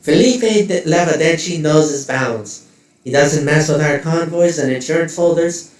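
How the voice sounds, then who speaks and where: A man voicing a poised, smiling female corporate executive who speaks politely while making quiet threats. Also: on the high side, very echoey, recorded from a distance, voice pushed up, natural voice. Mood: menacing. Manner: polite, measured, coolly threatening.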